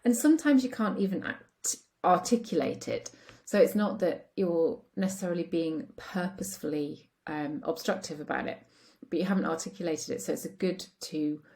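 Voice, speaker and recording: A woman's voice: lowish voice, normal speed, creaky, darkish tone. A woman relationship coach talking casually, chatty with lots of fillers, acting out the voices of people she quotes. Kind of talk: casual talk to camera.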